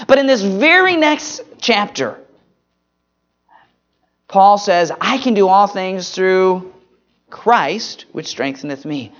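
Earnest preacher with dramatic soft drops. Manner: earnest, swings between emphatic rises and soft low drops; quotes scripture slowly with stress on single words. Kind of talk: Mother's Day sermon with prayer. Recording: dull lo-fi recording.

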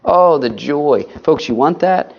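A man's voice: on the high side, animated, measured pace, creaky, highs cut off. A man preaching a sermon, earnest and pleading, often calling his listeners folks.

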